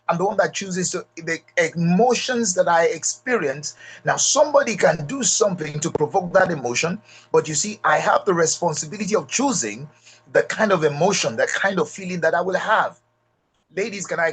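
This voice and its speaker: A man's voice: high voice, lively intonation, fairly quick, slightly rough. A middle-aged man with a Nigerian accent gives an emphatic motivational talk at a leadership retreat, repeating key lines and speaking straight to the audience.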